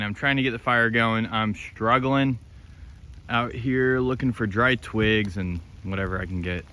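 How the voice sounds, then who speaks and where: Alone on a lake island, shifting between his tent and the campfire, a young man chats aimlessly into a handheld phone. His mid-range voice has a sharp tone and measured pace, and he's relaxed, with occasional swearing.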